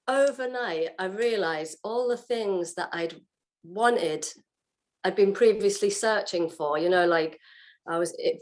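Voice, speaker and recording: A woman, a guest on an interview show, telling her personal story in a casual way and acting out her own past reactions. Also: medium pitch. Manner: animated, acts out what she said and felt. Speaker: guest sharing her testimony.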